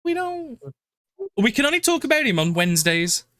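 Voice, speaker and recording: A man's voice: high voice, very animated, quick pace, pushed and bright, no echo, studio quality. A man hosting a game stream, rambling casually, swearing and laughing often. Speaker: streamer and host.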